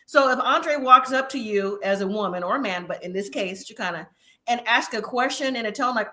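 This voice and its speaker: A woman's voice: fairly high pitch, a little fast, bright, forceful tone. A woman hosting a casual live review chat, opinionated and chatty, laughing often. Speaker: host.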